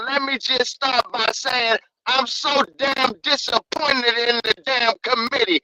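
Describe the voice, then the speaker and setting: A man's voice: extremely high pitch, fairly even intonation, measured pace, few pauses, bright, forceful tone, dry recording, rough recording. A man calling in to a show, ranting in a heated, profane, slang-filled way and repeating himself. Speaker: caller. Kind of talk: fired-up call-in rant.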